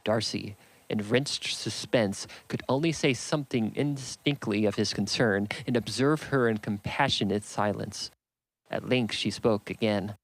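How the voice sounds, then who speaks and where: A man reading a classic novel aloud in a steady, measured narration. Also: on the low side, dry recording, low-quality recording. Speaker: audiobook reader.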